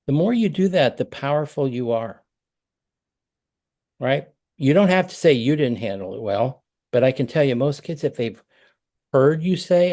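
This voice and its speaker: A middle-aged man coaches a parent over a video call. He talks conversationally, at a medium pitch, and slips into example lines of dialogue as he explains. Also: lively intonation, measured pace, long pauses, warm tone. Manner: conversational, acts out example phrases.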